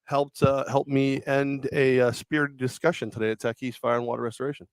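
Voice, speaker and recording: Loud, animated male radio co-host. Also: mid-range voice, fairly quick, smooth, no echo, clean studio sound. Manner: loud storyteller, acts out voices with shouts. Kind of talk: casual sports talk banter. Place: live remote broadcast at a car dealership.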